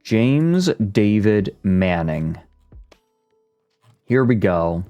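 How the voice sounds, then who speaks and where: A male streamer chatting casually, joking, reacting out loud and reading aloud from a web page. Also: lowish voice, very animated, drawn-out words, clear, resonant tone, highs cut off, faint music behind. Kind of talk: casual livestream chat. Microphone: streaming mic.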